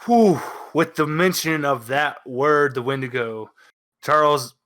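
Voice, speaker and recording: A man's voice: on the high side, a little slow, noisy background. A man playing a tabletop game, describing his character's actions in vivid, dramatic detail. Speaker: player.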